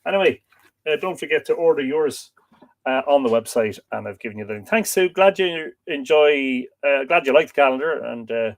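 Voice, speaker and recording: A man's voice: mid-range voice, a little fast. Chatty Irish man hosting a live stream. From Ireland. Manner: chatty, relaxed, filler-heavy. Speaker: host. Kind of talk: live stream chat, reading viewer comments.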